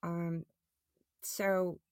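A middle-aged woman telling her personal testimony as a podcast guest, halting and often restarting or repeating words. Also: fairly low pitch, little pitch movement, a little mellow, no echo, clean studio sound.

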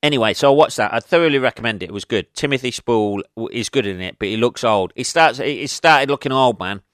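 A man's voice: medium pitch, quick pace, a bit bright, dry recording. An English man, a comedian hosting his own podcast, rambling casually with lots of swearing and self-mocking asides into a close mic.

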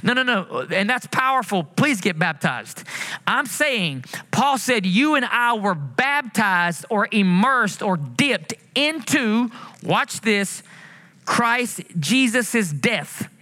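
Male pastor, high and bright, preaching with animated passion, sermon delivery. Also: slow. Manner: preaching with animated swings, rising passionately and drawing out quotes.

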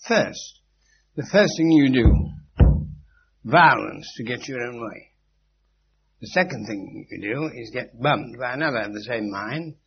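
A man's voice: medium pitch, lively intonation, a little slow, creaky, pauses often, husky. Man lecturing on a muffled tape. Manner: emphatic and instructive, with dry witty asides and repeated key phrases. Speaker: spiritual teacher lecturing a group. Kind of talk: informal philosophical lecture. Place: meeting room with a live audience. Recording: muffled 1980s lecture tape with faint hum.

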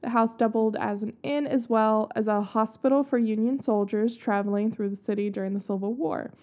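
A woman's voice: a little high, steady tone, brisk, mellow. A young woman hosting a casual podcast, chatty and giggly, swearing casually as she tells spooky stories. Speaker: podcast host. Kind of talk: casual chat about haunted places. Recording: dull lo-fi sound.

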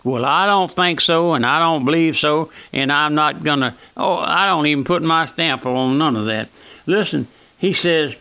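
Bright-voiced folksy man preaching. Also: on the high side, smooth, no echo. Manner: earnest, keeps calling out "my friend", slows down to read scripture; folksy, plain-spoken. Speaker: pastor and radio preacher. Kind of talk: sermon. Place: church auditorium.

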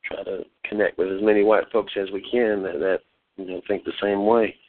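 A male guest on a call-in show, giving short, halting answers and repeating words. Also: fairly low pitch, fairly even intonation. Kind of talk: casual radio chat. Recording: tinny phone line.

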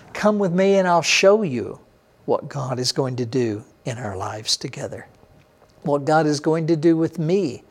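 A middle-aged pastor with a slightly high voice preaches a sermon emphatically. Loud, raised bursts suddenly drop back into low, quiet stretches, with sharp rises and falls in both pitch and volume.

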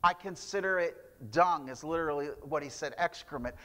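A man's voice: on the high side, brisk, a bit bright, big-room sound. A man preaching a sermon, telling stories with frequent restarts and fillers. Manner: storytelling with repeated restarts and fillers. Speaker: pastor.

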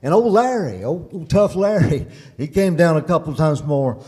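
A man preaching to his congregation, his voice dark and mellow. He tells stories with animated swings between hushed moments and loud emphasis. The sound carries the long echo of a large church hall. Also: a little high, normal speed. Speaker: pastor. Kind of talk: sermon storytelling.

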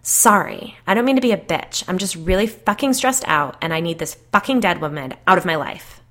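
A woman's voice: on the low side, lively intonation, a little fast, fairly bright tone. A woman voicing a stressed, gossipy suburban mother who swears and complains in an agitated way, peppering her speech with "like.".

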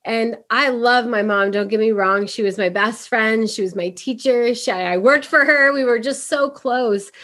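Animated woman telling her story. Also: on the high side, a little slow, hardly any pauses. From Puerto Rico. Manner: animated, acts out quoted voices. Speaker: podcast guest. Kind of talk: casual storytelling.

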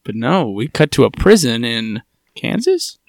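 A man's voice: mid-range voice, huge pitch swings, a little slow, no echo, clean studio sound. A man co-hosting a podcast, recapping a TV show with joking, sarcastic asides and acted-out lines. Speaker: podcast co-host. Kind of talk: casual chat recapping TV.

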